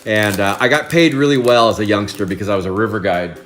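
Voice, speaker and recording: A man's voice: fairly low pitch, fast, fairly bright tone, faint music behind. A man in his forties from Oregon, chatting casually on a live card break stream, telling rambling stories with frequent chuckles. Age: 40s. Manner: rambling storyteller, chuckles often.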